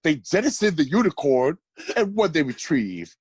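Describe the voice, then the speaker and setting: On a casual podcast, a male co-host reads a comic rhyming poem with swagger, animated and laughing often. His voice is fairly high at a moderate pace, with a noisy background.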